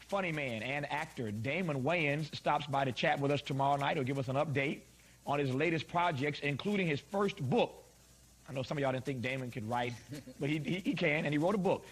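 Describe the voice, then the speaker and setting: A man's voice: medium pitch, breathy edge. A man hosting a live call-in talk show, bantering teasingly with guests and taking callers.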